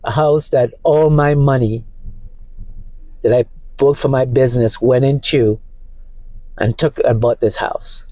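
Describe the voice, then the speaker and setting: A shaken man talking through a distressed personal monologue from his parked car, halting and repeating himself. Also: medium pitch, steady tone, mellow, no room sound, poor audio. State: emotionally shaken. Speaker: vlogger.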